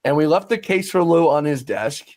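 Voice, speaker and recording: A fairly high-voiced man tells stories in an animated, chatty way, laughing between lines. The sound is close and dry, with no room echo. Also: normal speed. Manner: lively storyteller, laughs often, acts out quotes. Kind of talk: casual reminiscing chat.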